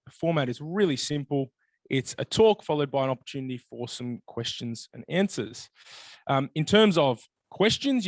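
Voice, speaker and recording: A man hosting a city lunchtime meeting, friendly and a little halting, who also reads a Bible passage aloud on a handheld mic. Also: a little high, no echo. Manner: friendly, a bit halting with fillers. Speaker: event host. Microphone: shared handheld mic.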